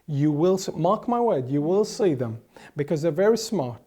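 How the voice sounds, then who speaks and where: A man's voice: fairly high pitch, expressive, moderate pace, mellow, husky. A man from the Middle East, a guest giving impassioned political commentary in an emphatic way, often restarting and repeating words. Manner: emphatic, with frequent restarts and repetitions. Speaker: interview guest.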